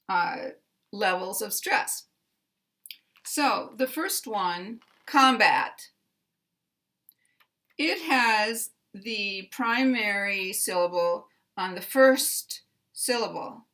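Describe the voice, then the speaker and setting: An American woman with a bright, medium-pitched voice teaches pronunciation slowly. She speaks deliberately, enunciating carefully and repeating example words as she explains.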